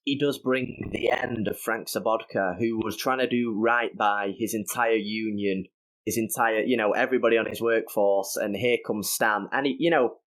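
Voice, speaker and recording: A man's voice: lowish voice, fairly even intonation, normal speed, fairly bright tone. A man with a British accent talks as a podcast guest. His speech is loose and conversational, full of fillers as he chats. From Britain. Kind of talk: casual chat.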